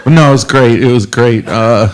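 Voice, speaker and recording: A man in his forties doing a stand-up comedy set, rambling and self-deprecating, halting with lots of fillers. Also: medium pitch, smooth. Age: 40s. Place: comedy club stage with a live audience.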